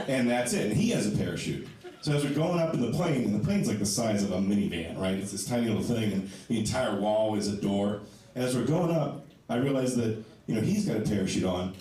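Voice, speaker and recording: A man's voice: fairly low pitch, dark tone. A man doing a self-deprecating stand-up comedy set, chatting with the crowd in a small comedy club. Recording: echoey club, distant mic, audience.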